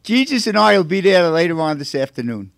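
Guy hosting a radio talk show, halting and repeating himself, dry close sound. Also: sits high, big pitch swings, creaky, dry recording. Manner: halting, repeats words, affectionate. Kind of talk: radio talk show, reading a saint's life aloud.

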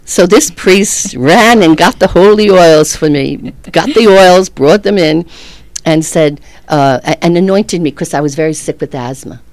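A middle-aged woman with a low, deep voice tells a personal faith story in an earnest, animated way, laughing often between thoughts. The sound is dry and close, with no room around her. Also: unhurried, no echo. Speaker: guest.

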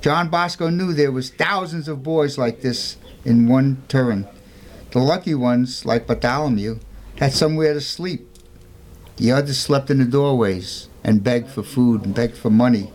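A man's voice: mid-range voice, unhurried, darkish tone. A man telling a saint's story on a talk show, emphatic, with rhetorical questions.

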